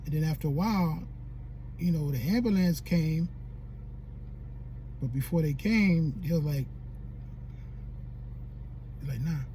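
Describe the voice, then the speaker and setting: A man's voice: on the high side, unhurried, pauses often, warm tone, slight background noise. A man in a casual vlog telling a painful personal story, tearful, colloquial and repeating himself. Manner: colloquial, repetitive, heartfelt. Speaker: YouTube creator.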